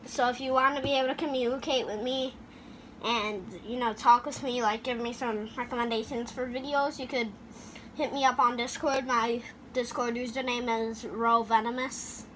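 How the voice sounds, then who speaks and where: Bright, chatty gaming YouTuber. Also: medium pitch, fairly even intonation, normal speed, a little hiss or hum. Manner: chatty, goofy, makes sound effects. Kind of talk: casual gameplay commentary.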